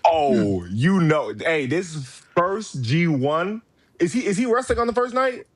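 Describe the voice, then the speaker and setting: A man co-hosting a casual wrestling podcast, teasing and joking in quick banter. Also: a little high, no room sound. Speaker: podcast co-host.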